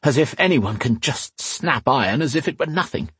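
A male narrator voicing a gruff, wry rogue who grumbles as he talks, in an audiobook. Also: medium pitch, unhurried, dry recording, pitched above the performer's own voice. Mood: grumbling. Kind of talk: audiobook character voice.

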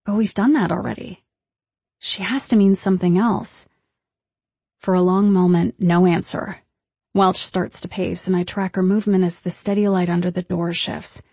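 A woman narrating a first-person audiobook in a measured, tense storytelling manner. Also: on the low side, a little mellow, husky, dry recording.

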